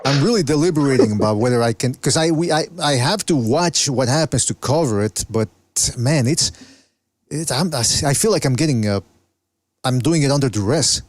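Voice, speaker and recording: A man's voice: medium pitch, animated, moderate pace, no echo. A man hosting a casual call-in boxing podcast, laid-back and hesitant, often searching for words. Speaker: podcast host. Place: Canada.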